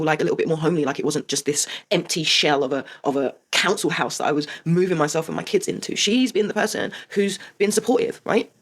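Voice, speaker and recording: Host, woman, 40s, rapid and emphatic confessional delivery. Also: sits low. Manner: emphatic and heartfelt, swears, asks rhetorical "right?". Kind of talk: personal confessional monologue.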